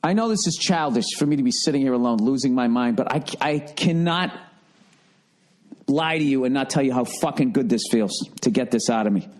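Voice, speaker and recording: A man hosting a solo comedy podcast, ranting profanely and swinging from shouted outbursts to low grumbling. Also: animated, fairly quick. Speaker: podcast host.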